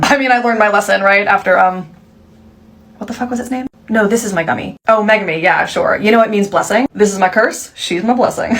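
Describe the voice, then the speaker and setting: A young woman talking in a comedy vlog, mock-serious and deadpan, breaking into laughter. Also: on the low side. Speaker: TikTok creator. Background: background music.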